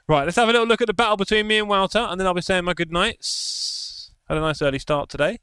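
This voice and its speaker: A man's voice: high-pitched, fast, bright, forceful tone, clear, resonant tone, dry recording, studio quality. A young man live-streaming sim racing, chatty and self-mocking, calling the race as he drives.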